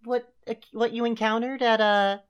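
A woman's voice: fairly high pitch, level tone, normal speed, clean tone, highs cut off. A woman co-hosting a comedy podcast, chatting casually, rambling with fillers and laughing often. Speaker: podcast co-host.

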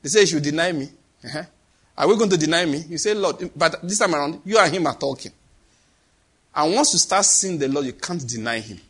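A man preaching in a high, husky voice. His delivery is lively and dramatic, swinging widely in pitch as he acts out voices and sound effects. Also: brisk. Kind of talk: sermon.

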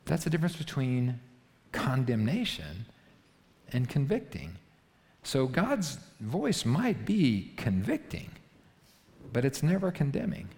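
A man's voice: mid-range voice, sing-song, slow, gravelly, long pauses, a little mellow, in a large hall. A man preaching a sermon as pastor, emphatic and often checking in with "right?". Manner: emphatic, punctuates points with rhetorical "right?". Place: church auditorium.

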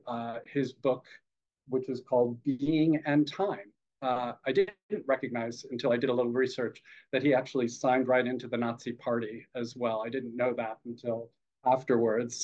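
A man who teaches Zen, giving a dharma talk in a reflective, hesitant way, with many fillers and gentle humor. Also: mid-range voice. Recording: dull lo-fi podcast audio.

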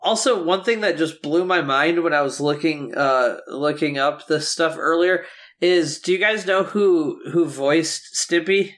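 Man, podcast co-host, casual chat, relaxed, trivia, higher pitch. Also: unhurried.

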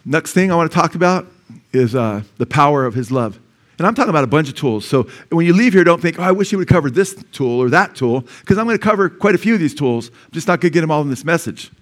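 A man preaching a sermon as pastor, talking conversationally with frequent asides and bursts of loud praise. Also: on the high side, big pitch swings, fast talker. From California. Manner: exclaims praise loudly.

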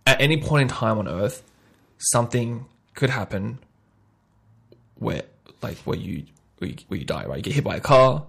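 A man with a gravelly, husky voice hosts a casual podcast chat. He acts out little scenes playfully, jumping between hushed asides and loud bursts. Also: lowish voice, lively intonation, moderate pace. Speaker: podcast host.

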